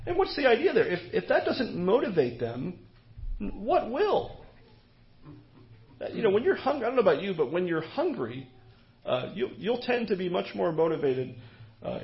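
Animated, gravelly-voiced male preacher. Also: a little high. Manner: animated, rhetorical questions, repeats words. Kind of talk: expository sermon. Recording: dull lo-fi recording.

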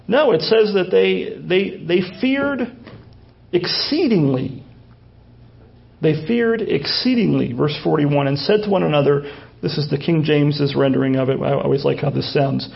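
A man's voice: on the high side, normal speed, creaky, highs cut off. A male pastor preaching a conversational sermon with folksy asides and frequent restarts.

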